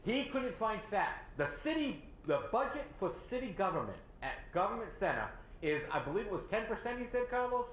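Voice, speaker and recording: A man with a New England accent hosting a local talk show, animated and sarcastic as he criticizes city leaders. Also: high voice, moderate pace, few pauses. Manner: animated, sarcastic, mocks others in put-on voices. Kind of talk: opinionated local politics discussion. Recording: echoey room with faint ambient noise.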